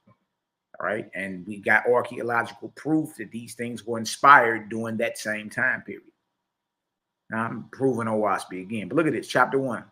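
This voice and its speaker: Man, scripture study teacher, bright forceful voice, casual slang, reads aloud then explains. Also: mid-range voice. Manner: casual slang, checks in with listeners.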